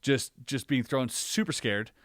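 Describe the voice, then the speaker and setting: A man tells a personal story in a relaxed podcast conversation, possibly as a guest or co-host, staying animated and acting out his own reactions with plenty of filler words. His middle-pitched voice moves at a measured pace, recorded dry with no room sound.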